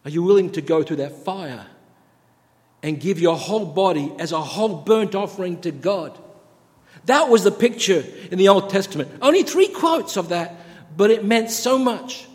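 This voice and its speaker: A man with a high-pitched voice preaches a sermon, stacking repeated phrases as his intensity climbs. The sound carries a long hall reverb, as in a church sanctuary. His delivery is earnest and insistent. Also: animated, moderate pace, a little mellow.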